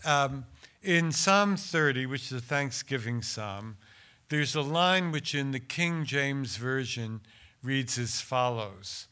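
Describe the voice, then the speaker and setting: An older man with a bright, forward voice lectures about translating poetry. He hesitates often, repeating words and restarting his sentences as he thinks aloud. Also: mid-range voice, clean tone. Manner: hesitant, stammering restarts in explanation, measured and declamatory when reciting. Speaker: translator giving a talk.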